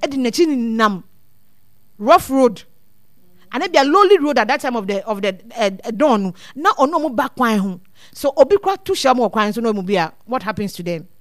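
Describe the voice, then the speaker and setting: Guest expert, woman, high voice, dry close sound, earnest and repetitive. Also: expressive, fairly quick, no echo. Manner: earnest, repeats words as she thinks. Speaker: guest speaker on child welfare. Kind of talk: casual advice talk mixing two languages.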